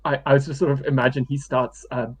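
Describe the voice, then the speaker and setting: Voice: mid-range voice, flat delivery, fast, breathy edge. A player in a tabletop role-play, giggly and hesitant, often laughing.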